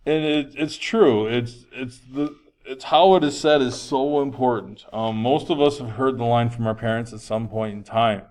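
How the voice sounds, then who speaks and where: A man's voice: mid-range voice, normal speed, a little mellow. A man, a teacher, giving a recorded health lesson in a conversational, projecting voice with frequent fillers. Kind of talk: classroom lecture.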